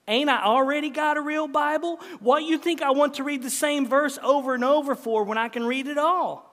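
A man's voice: very high-pitched, brisk, fairly bright tone, voice pushed up. A man voicing a stern, scornful, self-righteous rural wife who scolds her husband. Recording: long hall reverb.

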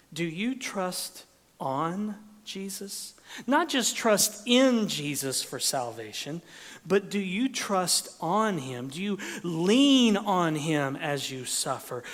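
A man preaching a sermon as pastor, expressive, dropping to whispers and rising for emphasis. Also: on the high side, long reverb tail.

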